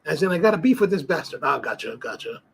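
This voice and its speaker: A man's voice: a little high, very animated, fast talker, gravelly, slight background noise. A middle-aged man hosting a cigar live stream, chatting casually, reading viewer comments and rambling through stories with many restarts. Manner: rambling, storytelling, frequent restarts and fillers. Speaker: cigar livestream host.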